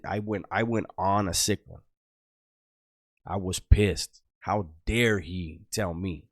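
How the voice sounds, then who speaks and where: Deep-voiced man telling a rough street story. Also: steady tone, a little slow, dry recording, clean studio sound. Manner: profane, street slang, loose and rambling. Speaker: storyteller recounting his past. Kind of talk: casual storytelling.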